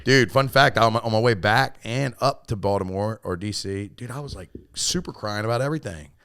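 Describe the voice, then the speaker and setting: A man hosting a podcast in casual chat, loose and swearing, with many restarts and sudden louder bursts. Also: fairly low pitch, brisk, clean tone, no room sound, clean studio sound. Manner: loose and swearing, restarts a lot, bursts up loud when excited. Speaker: podcast host and coach.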